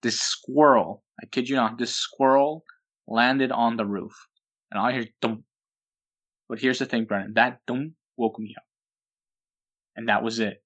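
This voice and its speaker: A man's voice: medium pitch, fairly even intonation, unhurried, fairly bright tone. A man co-hosting a podcast in casual chat, telling rambling stories and laughing often. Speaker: podcast co-host.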